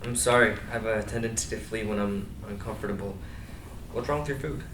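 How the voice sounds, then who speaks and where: A man's voice: lowish voice, brisk, close to an everyday voice. A man playing an awkward, apologetic young man in a screenplay reading, speaking hesitantly. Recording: echoey room, distant mic, noticeable noise.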